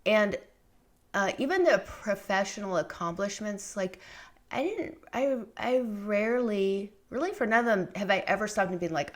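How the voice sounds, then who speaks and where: A middle-aged woman, a memoir author appearing as a podcast guest, speaks candidly in a conversational interview. Her mid-range voice is expressive and moderately paced, and she rambles with lots of fillers and restarts.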